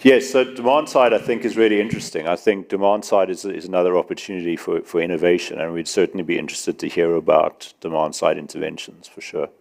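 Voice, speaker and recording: Man, very low voice, measured panel speaker taking audience questions. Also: steady tone, vocal fry, a little mellow. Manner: measured, explanatory, with some restarts. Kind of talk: conference Q&A.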